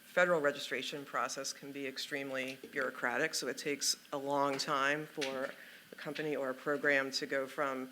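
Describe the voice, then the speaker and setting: A man speaking as a policy panelist, measured and articulate with occasional fillers. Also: mid-range voice, level tone, noisy background. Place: conference meeting room.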